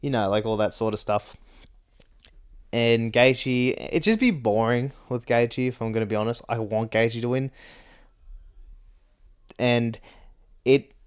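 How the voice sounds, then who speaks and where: A man's voice: medium pitch, a little slow, long pauses, clean tone. A man hosting his own vlog, rambling through casual chat about fights, swearing often and laughing between points. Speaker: MMA commentary vlogger.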